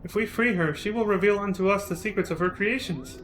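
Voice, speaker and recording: A man's voice: high-pitched, brisk, a bit bright, slight background noise. A man reading the lines of a frail young woman from a game, earnest and solemn. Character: frail young woman, sister, eerie and yearning. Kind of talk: reading game dialogue aloud.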